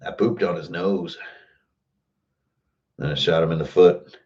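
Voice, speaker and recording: A man putting on a gruff low frontier gunman. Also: unhurried, recorded from a distance, muffled recording. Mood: deadpan boastful. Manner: deadpan tall-tale boasting.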